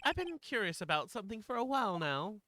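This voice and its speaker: A woman's voice: mid-range voice, very animated, fast talker, noisy background, pitched above the performer's own voice, lightly acted. A woman voicing a flamboyant, vain male circus magician who speaks grandly in a game dub. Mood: haughty. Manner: grandiose and theatrical, calls people sweetie.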